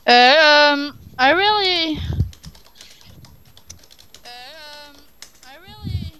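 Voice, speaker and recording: A man putting on a squeaky, halting chat voice. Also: lively intonation, pushed and bright, a little hiss or hum, full character voice. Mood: hesitant. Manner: slow, halting, full of ums.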